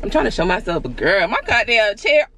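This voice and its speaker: A woman's voice: mid-range voice, very animated, a little fast, fairly bright tone. A woman from Georgia talking casually to her viewers in a vlog, slangy and chatty, calling them "y'all" and "girl". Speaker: vlogger. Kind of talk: casual vlog chat to camera. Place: in a car, then walking outside. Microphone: handheld camera.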